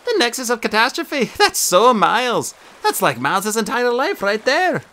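A man doing a squeaky eager toddler boy. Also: wildly swooping pitch, takes it slowly, sharp tone, exaggerated voice. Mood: gleeful. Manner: high squeaky pleading.

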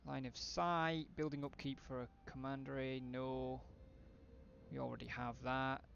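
Streamer, man, gravelly voice, dry asides, slightly dull lo-fi desk mic audio. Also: medium pitch, level tone, measured pace, fairly bright tone, a little hiss or hum. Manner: thinking aloud, casual, wry asides. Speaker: game streamer. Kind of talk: live strategy game commentary.

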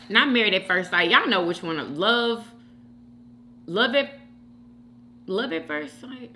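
A woman's voice: mid-range voice, takes it slowly, long pauses. A woman hosting a mukbang channel, chatting casually to her viewers while she eats and calling out to them often. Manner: animated, keeps addressing viewers as "y'all".

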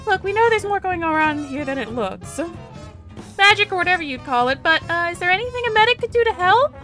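A woman voicing a chatty, nosy young German woman tourist in her twenties, talking high and prying. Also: sing-song, a little fast, bright, forceful tone, soft background music, heavily acted. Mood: eager. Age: 20s.

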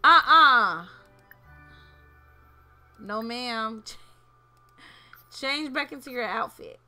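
A woman's voice: a little high, takes it slowly, bright, forceful tone, faint music behind. A woman chatting playfully through a life-sim game, talking to her characters as she plays. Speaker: gaming channel host. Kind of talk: casual gameplay commentary.

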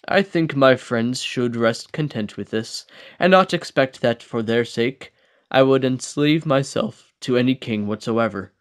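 A man's voice: medium pitch, measured pace. Man reading a classic book aloud. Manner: steady reading with small slips and restarts. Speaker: audiobook reader.

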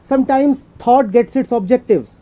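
A man's voice: very high-pitched, normal speed, warm tone. A man from India with an Indian accent, a spiritual teacher answering a question at a talk, emphatic and repeating key words. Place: talk venue indoors. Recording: dull audio with faint noise.

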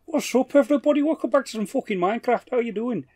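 A man's voice: fast talker, a little mellow, dry recording. A man putting on a cheeky Scouse accent as a cocky young lad, with swearing. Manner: high cheeky put-on voice, swearing.

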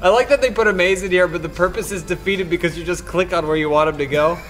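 A man's voice: high voice, fast talker, a bit bright. A man hosting a gaming show, making dry sarcastic jokes while commenting on the game. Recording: game music in background.

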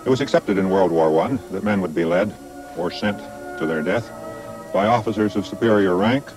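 Low, dry-witted older male documentary narrator. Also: over music, low-quality recording. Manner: measured, dry and wry. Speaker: documentary presenter.

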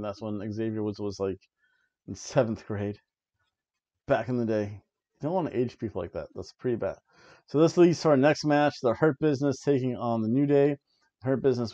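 A man casually recapping a wrestling show for his podcast, breaking into giggles between thoughts. His voice sits at a middle pitch. The recording is dull and lo-fi, with a close, dry sound. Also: warm tone, dry recording. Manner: giggly, laughs often while recapping. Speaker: wrestling review podcast host.

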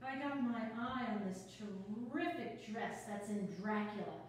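A woman playing a nervous, chatty young lyricist in a play reading, talking quickly and laughing at herself. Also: medium pitch, slight background noise, natural voice. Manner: quick, jittery, self-mocking, laughs often. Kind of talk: reader's theater play reading. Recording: echoey room, far from the mic.

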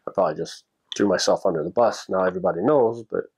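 A man casually telling a personal story on his podcast, plainspoken and animated, acting out the people he talks about. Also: sits low, quick pace, gravelly, slightly rough. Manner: plainspoken, with frequent restarts and "you know".

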